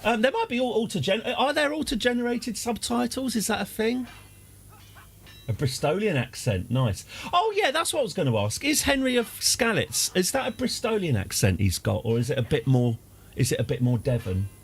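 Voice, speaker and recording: An English man in his forties talks through a live game stream with a husky edge to his voice. His pitch bounces around animatedly as he wanders from one wry tangent to the next. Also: sing-song, normal speed. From England. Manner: rambling, wry and chatty, reacting to chat. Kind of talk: casual live-stream gameplay chat.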